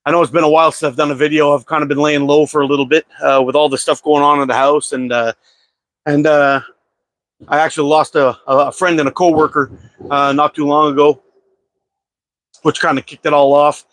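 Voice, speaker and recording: A man's voice: fairly high pitch, flat delivery, fairly quick, fairly bright tone, dry recording. A man hosting a casual live-stream chat about slingshots, talking in a laid-back, rambling way with lots of "uh" fillers. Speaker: slingshot channel host. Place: at home.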